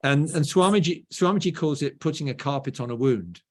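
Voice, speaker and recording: A man's voice: fairly high pitch, expressive, fairly quick. A middle-aged English man with a standard southern English accent, a guest telling stories in an interview and often tagging his points with "right?". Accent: southern English, BBC-style. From England. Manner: storytelling, often adds "right?". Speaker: guest author. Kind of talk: conversational interview.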